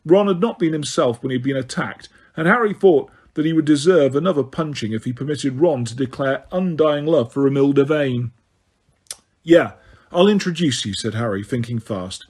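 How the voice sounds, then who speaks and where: A man's voice: mid-range voice, normal speed, hardly any pauses, darkish tone, slightly rough. A man narrating an audiobook, reading expressively with small slips.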